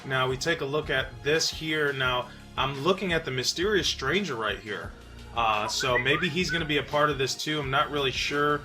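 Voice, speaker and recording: A man from New York hosting a casual gaming commentary, relaxed and chatty with frequent fillers. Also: medium pitch, moderate pace, over music. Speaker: channel host.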